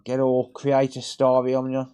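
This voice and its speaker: Dark-voiced British man, sweary chat. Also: mid-range voice, completely flat delivery, moderate pace, clean tone. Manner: rambling, swearing, laughing often. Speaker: repair streamer host. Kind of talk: casual live-stream chat.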